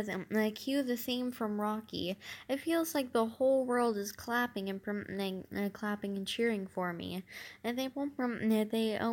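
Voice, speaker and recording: A woman reads a middle-grade novel aloud in a fairly high voice. Her delivery halts often, full of ums, uhs and restarted words. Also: a little mellow. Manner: halting, many fillers and restarts. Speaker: reader.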